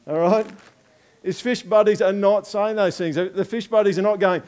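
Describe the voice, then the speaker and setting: An Australian man preaching in a loose, chatty way, mixing jokes with rhetorical questions to the congregation. His voice sits a little on the high side for a man. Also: fairly even intonation, normal speed, darkish tone, smooth. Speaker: pastor. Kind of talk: conversational sermon with object lesson.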